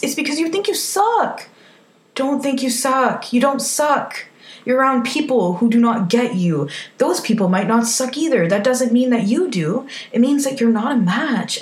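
A woman's voice: a little high, animated, moderate pace, echoey room. A woman giving a frank, emphatic motivational talk, swearing casually as she speaks. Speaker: self-help speaker.

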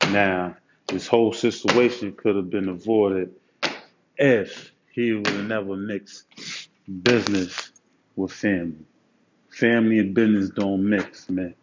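A man's voice: sits low, measured pace, pauses often. A man giving street advice in a casual storytelling monologue, full of slang and "you know what I'm saying". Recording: muffled lo-fi recording with steady noise.

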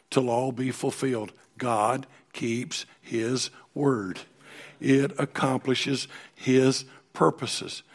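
A middle-aged man preaching a sermon in a folksy, emphatic way, often dropping to a soft voice. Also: medium pitch, creaky, husky. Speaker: pastor.

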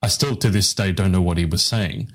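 A man's voice: deep voice, fairly quick. A man hosting a live interview show, telling rambling, self-deprecating stories to his guest over a video call. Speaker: podcast host, interviewer.

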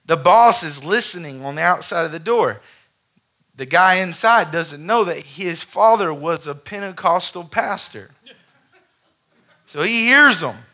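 Pastor, man, preaching with a bright, cutting edge to his voice, storyteller, calls for amen. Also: high-pitched, lively intonation, a little slow. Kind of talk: sermon with storytelling. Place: church sanctuary before a congregation.

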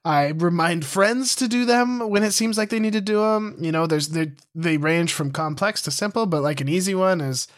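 A man's voice: sits high, normal speed, hardly any pauses. A young man in casual podcast chat, rambling and restarting as he talks. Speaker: podcast co-host, preschool teacher.

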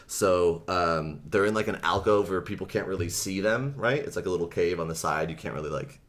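A man with a deep, low-pitched voice recaps a book on a comedy podcast. He tells it loosely and animatedly, full of "like" and fillers. He slips into the characters' lines and laughs a lot. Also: brisk. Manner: animated retelling, acts out quotes, laughs often, many fillers.

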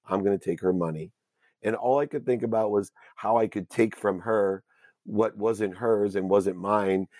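A man telling a personal story as an interview guest, earnest and emotional, with halting restarts. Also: mid-range voice, a little mellow, no room sound, clean studio sound.

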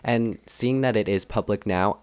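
Rambling, self-deprecating podcast co-host. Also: male voice, on the low side, normal speed, clean tone, dry recording. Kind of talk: casual chat.

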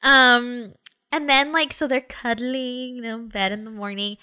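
A woman's voice: fairly high pitch, fairly even intonation, a little slow, sharp tone, smooth. A woman in casual conversation, animatedly retelling a story with many fillers and quoted dialogue.

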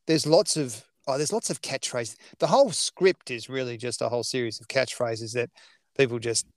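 A man's voice: medium pitch, normal speed, no room sound. A man co-hosting a podcast, chatting casually about a film and laughing often. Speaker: podcast co-host. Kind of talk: casual chat about films.

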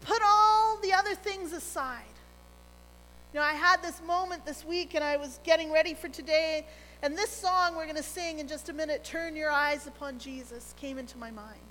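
A middle-aged woman preaching a sermon as pastor, earnest and gentle, dropping to a near hush on key phrases. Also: high-pitched, fairly even intonation, a little fast, in a large hall, slight background noise, poor audio.

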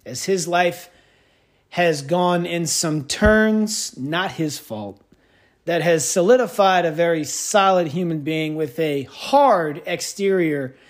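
A man holds forth in a loose podcast monologue. His voice sits fairly high and swings widely as he tells stories in a wry, self-mocking way. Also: takes it slowly. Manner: rambling, wry, self-mocking storyteller with big pitch swings. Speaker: podcast host. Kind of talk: casual monologue.

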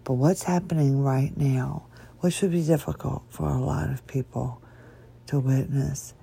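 Gravelly, strained woman rambling from bed. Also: rumbling low, fairly even intonation, measured pace, mellow. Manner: wandering, tangent-prone, chuckling. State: voice weak and strained, struggling to speak. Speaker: podcast host. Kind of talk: rambling solo podcast talk. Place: in bed at home.

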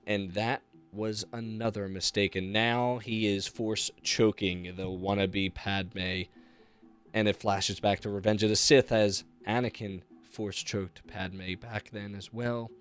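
Low-voiced man recapping a comic. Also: steady tone, slow, smooth, faint music behind. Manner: enthusiastic, with fillers and asides. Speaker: podcast host.

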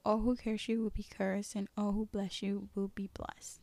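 A woman's voice: medium pitch, flat delivery, normal speed, gravelly, warm tone, dry recording, close to an everyday voice. A woman reading the lines of an aged male patriarch giving a blessing, in a solemn scripture-reading manner.

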